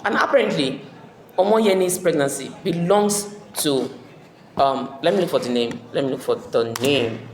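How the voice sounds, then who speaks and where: A woman's voice: low voice, a little slow, darkish tone. A woman tutor giving a hesitant plot summary, full of fillers and checks that her listeners follow. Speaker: literature tutor. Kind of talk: exam-prep plot summary. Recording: echoey room with long reverb.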